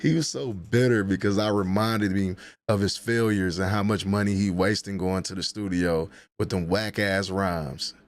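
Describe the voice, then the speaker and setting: Dude on a livestream roasting chat, low voice, aave, profane and laughing. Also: male voice, fairly even intonation, normal speed. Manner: trash-talking, laughing, profane banter. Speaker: livestream host.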